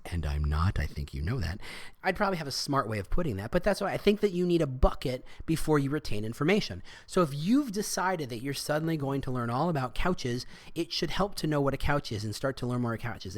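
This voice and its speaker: A man hosting a solo podcast, talking casually with frequent restarts and asides. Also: medium pitch. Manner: rambling, self-interrupting, frequent restarts. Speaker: podcast host.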